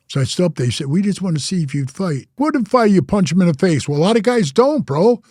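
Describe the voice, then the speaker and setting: A man's voice: high-pitched, fairly quick, hardly any pauses, no echo, clean studio sound. An older man and former biker club president, telling his life story in casual talk and acting out the other people in it. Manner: animated storyteller, acts out other voices, says bro a lot.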